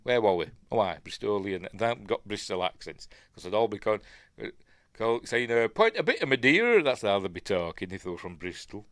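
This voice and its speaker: Yorkshire host, middle-aged man, lowish voice, dry close mic, rambly chatty film talk. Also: fairly quick, dry recording. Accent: Yorkshire English. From Yorkshire, England. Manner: chatty, rambling, self-deprecating asides. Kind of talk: casual live film commentary.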